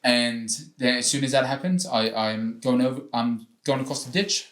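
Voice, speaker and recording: Kiwi man hosting, halting and playful. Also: mid-range voice, a bit bright. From New Zealand. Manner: halting, many fillers and restarts, playful. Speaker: podcast co-host. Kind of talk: casual podcast banter. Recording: echoey room.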